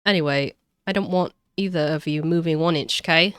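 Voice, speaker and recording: A woman voicing a gruff male police detective, talking in an old-time gangster drawl and tacking "see?" onto his lines. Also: sits low, moderate pace, a bit bright, no room sound. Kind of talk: game dialogue read aloud on stream.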